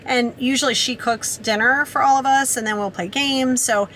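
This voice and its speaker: A woman's voice: high voice, steady tone, moderate pace, fairly bright tone, a little hiss or hum. Chatty upbeat woman vlogger. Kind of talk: casual vlog talk to camera.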